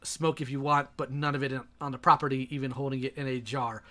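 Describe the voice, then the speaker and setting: A man's voice: medium pitch, flat delivery, quick pace, hardly any pauses, sharp tone, faint music behind. A man reading messages aloud and reacting in a sarcastic, exasperated way.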